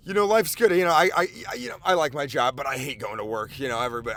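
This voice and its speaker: A man in his twenties giving a rambling, animated comic monologue from inside his car, swearing often. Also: mid-range voice, racing. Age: 20s. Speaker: podcast host. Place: inside a car while driving and parking.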